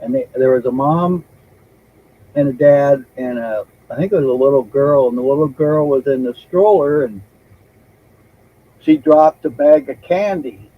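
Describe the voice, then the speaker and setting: A man with a mid-range voice hosts a casual podcast chat, rambling through a story at an unhurried pace, swearing casually and laughing easily. The lo-fi recording is dull, with a little hiss or hum.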